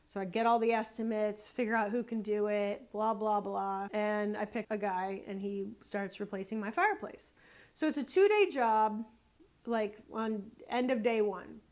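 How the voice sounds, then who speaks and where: A woman photographer and small business owner giving casual sales advice through a story, animated and exasperated, repeating words for emphasis. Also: mid-range voice, normal speed.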